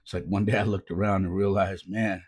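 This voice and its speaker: A man's voice: sits low, flat delivery, brisk, darkish tone, slightly rough. A man who coaches youth baseball and hosts a podcast, telling stories in a laid-back, earnest way and often saying "man". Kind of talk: casual reflective storytelling.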